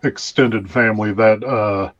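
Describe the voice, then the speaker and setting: A man's voice: fairly low pitch, steady tone, measured pace, fairly bright tone, lo-fi sound. A young man role-playing his character in a tabletop game, rambling with many fillers and casual, colloquial phrasing.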